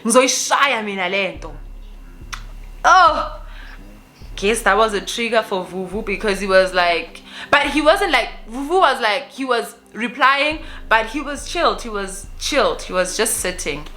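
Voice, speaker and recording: A young South African woman telling a story to camera in a lively, casual way, slipping Zulu phrases into her English. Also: fairly high pitch, unhurried. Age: young adult. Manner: animated, mixes in Zulu phrases. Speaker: vlogger.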